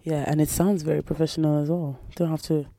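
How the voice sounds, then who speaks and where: A woman's voice: low voice, level tone, fast, a crowd in the background. A British woman co-hosting a podcast in casual, playful chat. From Britain. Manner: giggly, playful, chatty. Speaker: podcast co-host.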